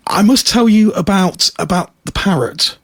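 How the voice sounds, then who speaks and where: A man's voice: sits high, moderate pace, dry recording. A man co-hosting a podcast in casual chat, telling stories in a jokey, playful way. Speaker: podcast co-host.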